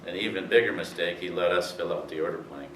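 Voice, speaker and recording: Here the older racing storyteller talks fast in a low voice with a slightly bright quality, wandering through anecdotes for an audience and leaning on fillers. Faint hiss runs under a roomy, distant recording.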